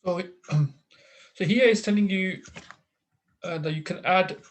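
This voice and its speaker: A man teaching an online Arabic class, explaining grammar patiently with many pauses, fillers and restarts over a video call. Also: high voice.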